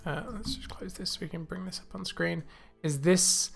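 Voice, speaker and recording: A man hosting a coding livestream, thinking aloud with many fillers and restarts, a little choked and clearing his throat. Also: high voice, steady tone, moderate pace, faint music behind. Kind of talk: casual live coding walkthrough. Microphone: new desk mic.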